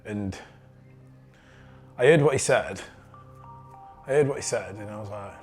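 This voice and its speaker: A young man with a Yorkshire accent telling a personal story in a candid, halting way and swearing freely. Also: fairly low pitch, a little mellow, faint music behind.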